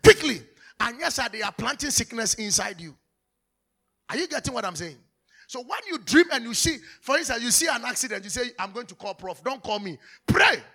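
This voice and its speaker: A man preaching, his voice high and bright. He teaches from the pulpit in an animated way, acting out anecdotes and laughing often. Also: a little fast. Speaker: pastor. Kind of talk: sermon.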